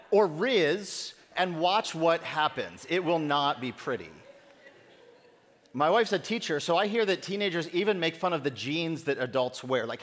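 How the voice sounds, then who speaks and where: Pastor com humor leve, voz um pouco aguda. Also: male voice, on the high side, a bit bright. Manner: conversational and self-deprecating humor. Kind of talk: sermon. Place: church sanctuary. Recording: echoey church sanctuary.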